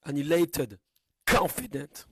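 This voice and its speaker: Frenchman with a heavy accent doing a pronunciation gag, unhurried delivery, dry close sound. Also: on the high side, sing-song, gravelly, husky, no echo. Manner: deliberately mangles English words, then shouts in mock outrage. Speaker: comedy video creator. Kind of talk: comedic pronunciation skit. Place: played from a video clip.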